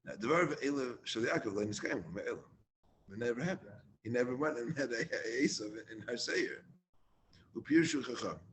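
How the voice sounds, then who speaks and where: Rich: A man teaches a casual study class at a middle pitch. He reads Hebrew lines aloud and explains them in plain English, often restarting his sentences. A faint rumble sits behind him. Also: moderate pace, fairly bright tone.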